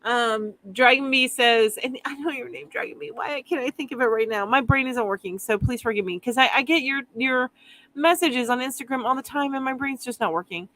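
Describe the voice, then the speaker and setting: Woman host of a casual live stream; rambling, laughing, reads out comments; bright voice, slightly high. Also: brisk. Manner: chatty, rambling, laughs easily. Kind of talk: casual live chat reading viewer comments.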